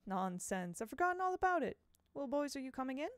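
A woman putting on a cheery high-voiced schoolteacher. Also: very animated, fast, dry recording, studio quality. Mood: cheerful. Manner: bright, welcoming exclamations. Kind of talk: audiobook reading.

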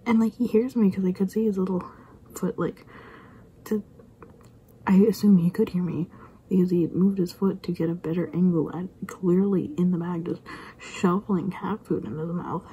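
A woman's voice: fairly low pitch, fairly even intonation, moderate pace, dark tone, breathy edge, rough recording. A woman telling a rambling story in a whisper, stopping herself often and mimicking sounds. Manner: rambling, self-interrupting anecdote with repeated sound effects.

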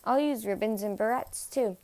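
A woman's voice: fairly high pitch, moderate pace, darkish tone, no echo, natural voice. A woman voicing a cheerful, literal-minded housekeeper in a storybook read-aloud, with an earnest, chirpy manner.

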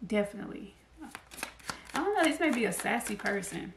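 A woman's voice: medium pitch, big pitch swings, a little fast. A woman giving a casual tarot reading to camera. She chats, laughs often and acts out the cards' messages. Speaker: tarot card reader. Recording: echoey room, faint noise.

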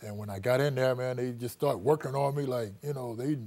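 A man's voice: medium pitch, brisk, mellow. Chatty man telling his story. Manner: chatty, full of "you know", acts out quoted dialogue. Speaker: interview guest, former athlete and patient. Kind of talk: casual storytelling interview.

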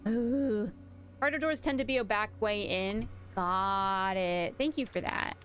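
A young woman streams a video game, giggling and chatting casually with viewers and reading notes aloud. Her mid-range voice is a bit bright and a little slow.

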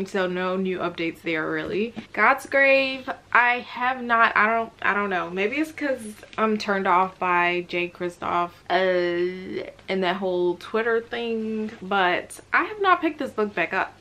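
A woman reviewing books in a casual, chatty vlog, talking in a slangy, animated way and often laughing. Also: mid-range voice, measured pace, few pauses. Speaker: book vlogger.

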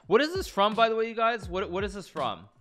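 A man reacting to chess memes on a live stream, chatty and quick to laugh, often stopping and restarting his sentences. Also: high-pitched, big pitch swings, a bit bright, soft background music. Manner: chatty, self-interrupting, laughs often, reads lines aloud in a mock-romantic tone. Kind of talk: casual live-stream commentary.

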